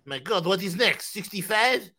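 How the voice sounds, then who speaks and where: A man's voice: high-pitched, animated, normal speed, sharp tone. A man putting on an exaggerated fake French accent to play a fed-up Frenchman, complaining theatrically. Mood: mock outrage. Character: mock-indignant Frenchman fed up with austerity.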